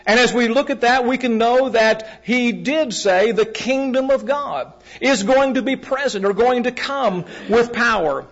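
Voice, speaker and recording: A man preaching a sermon in a measured way, repeating key phrases for emphasis and asking the congregation direct questions. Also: extremely high pitch, fairly bright tone. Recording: muffled, lo-fi recording.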